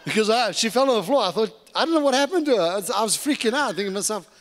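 Middle-aged African man, guest preacher, lively funny storyteller, highish pitch, echoing church hall. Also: very fast, few pauses. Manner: animated, humorous storytelling. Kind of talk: testimony sermon. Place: church sanctuary. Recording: long reverb of a church hall.

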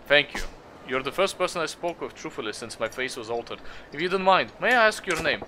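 A man's voice: fairly high pitch, lively intonation, a little fast, background noise, natural voice. A man reading a solemn, sorrowful stranger. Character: sorrowful man hiding behind a new face.

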